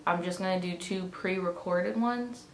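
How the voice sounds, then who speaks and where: A woman's voice: lowish voice, moderate pace. A young woman telling a vlog storytime, swearing and acting out both sides of a conversation, with a swollen, aching jaw. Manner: exasperated, profane, animated retelling with quoted dialogue. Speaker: vlogger. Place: indoor room, at home. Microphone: camera mic. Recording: echoey room, faint ambient noise.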